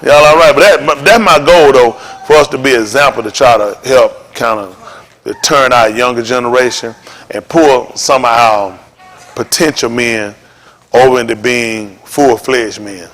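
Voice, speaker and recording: A man preaching an informal sermon to his congregation in a folksy, joking way that rises to shouts. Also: mid-range voice, a little slow. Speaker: congregation leader.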